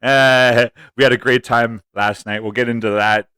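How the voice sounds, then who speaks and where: A man's voice: mid-range voice, fairly even intonation, moderate pace, sharp tone, smooth, dry recording, studio quality. A young man hosting a casual sports podcast, telling stories in a loose, profane, rambling way. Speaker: podcast host.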